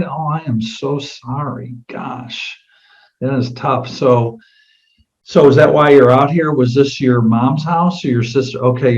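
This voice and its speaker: Middle-aged male insurance trainer, mid-pitched, chatty and question-driven, dull lo-fi sound. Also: darkish tone. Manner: conversational, asks many direct questions. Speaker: insurance agent and sales trainer. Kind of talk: demonstrating a client sales meeting.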